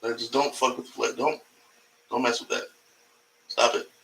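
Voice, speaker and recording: A man's voice: medium pitch, flat delivery, normal speed, vocal fry, a bit bright, slight background noise, low-quality recording. A man doing a casual, rambling comedy livestream from home, profane and jumping between topics, talking to his cat along the way. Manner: talks to his cat mid-stream.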